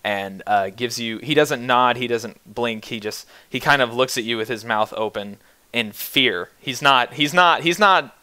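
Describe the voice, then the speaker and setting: A young man narrating as game master, animated with frequent restarts. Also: medium pitch, unhurried, smooth, no echo.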